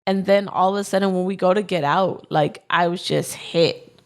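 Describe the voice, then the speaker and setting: Low, gravelly young woman rambling a story. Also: fairly even intonation, moderate pace. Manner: rambling, full of "um" and "like". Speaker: podcast co-host. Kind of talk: casual storytelling.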